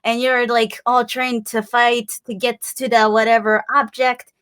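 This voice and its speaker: A bubbly young woman from Illinois chats as an interview guest, giggling often and acting out little voices as she talks. Her voice sits fairly high. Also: flat delivery, a little slow, a bit bright, clear, resonant tone. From Illinois, USA. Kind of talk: casual chat.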